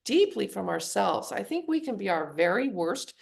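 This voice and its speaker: A middle-aged woman with a gravelly, fry-tinged voice speaks as a psychologist guest on a podcast. She tells her stories in an animated way. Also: medium pitch, normal speed. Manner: storytelling, animated voicing of quoted people. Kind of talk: podcast interview.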